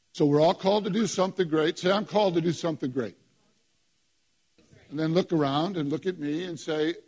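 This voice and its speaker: New pastor preaching in church, kinda high voice, husky, keeps repeating lines back at the crowd. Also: male voice. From New York. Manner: emphatic call-and-response preaching, repeating short phrases. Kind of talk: sermon.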